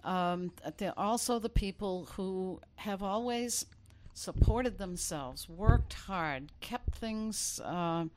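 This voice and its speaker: A woman, an attorney guest, explaining legal processes in a measured way with frequent ums. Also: mid-range voice, darkish tone. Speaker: elder law attorney guest. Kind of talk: interview answers.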